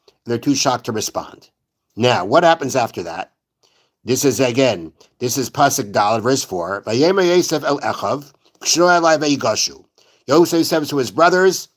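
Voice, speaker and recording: A man's voice: mid-range voice, lively intonation, moderate pace. A man teaching a Torah class in a synagogue. He explains step by step, repeats rhetorical questions, and weaves Hebrew verse quotations into plain talk. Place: synagogue study hall.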